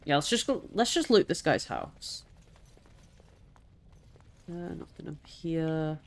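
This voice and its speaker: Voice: mid-range voice, expressive, slow, creaky. Chatty streamer swearing at a game. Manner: chatty, swearing, exasperated, laughing. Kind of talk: live game stream commentary.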